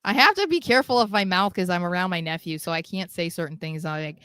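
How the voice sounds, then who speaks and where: A woman's voice: fairly low pitch, fast talker, a bit bright, clean tone, no room sound. Chatty giggly woman, dry close mic. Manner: chatty, giggly, slips into quoted voices. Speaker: podcast co-host. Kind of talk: casual wrestling podcast chat.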